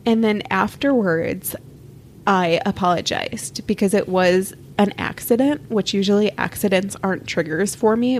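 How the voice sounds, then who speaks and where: Spokojna kobieta, podcastowa rozmowa. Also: female voice, medium pitch, a little hiss or hum. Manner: calm, reflective, candid. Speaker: podcast co-host. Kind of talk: casual podcast chat.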